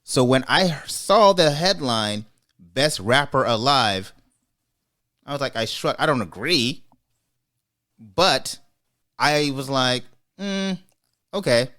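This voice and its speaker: A man's voice: medium pitch, animated, takes it slowly, long pauses, pushed and bright. A man hosts a casual podcast debate and gives his opinions emphatically. He speeds up when he drives a point home. His delivery is conversational and direct. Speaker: podcast host.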